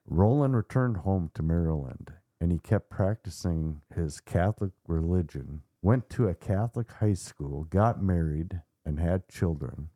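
Deep, dark-voiced male podcast host. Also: unhurried, hardly any pauses, dry recording, studio quality. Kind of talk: storytelling podcast narration.

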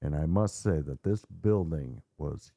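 A man hosting a podcast, retelling a story in a measured, dramatic way. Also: a bass voice, gravelly, mellow, slightly rough, no room sound, clean studio sound. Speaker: podcast host.

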